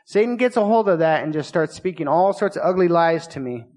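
A man preaching a sermon in a small church, earnest and confessional, circling back over the same phrases. His voice sits a little higher than most men's. The sound carries a long, lingering reverb from the room. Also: expressive, a little fast, a little mellow. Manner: earnest, confessional, repeats himself. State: recovering from illness. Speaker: pastor.

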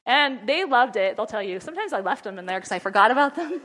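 A middle-aged woman talks through parenting advice in a loose, chatty way, breaking into laughter often. Her voice sits a little high, and she slips into a firm, scolding tone when she acts out what she tells her kids. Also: lively intonation, fast talker, a bit bright. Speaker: mother and ministry wife giving parenting advice. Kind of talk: casual advice talk.

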